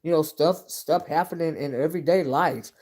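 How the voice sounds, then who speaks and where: Woman vlog host, low-voiced, sleepy, rambling folksy chat to viewers over a webcam. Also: normal speed, a little mellow. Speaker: channel host. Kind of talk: casual livestream chat.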